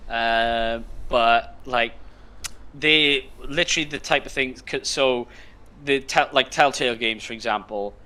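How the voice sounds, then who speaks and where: Bright-voiced young man rambling casually. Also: medium pitch, a little slow. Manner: rambling, filler-heavy, laid-back. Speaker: podcast co-host. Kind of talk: casual chat.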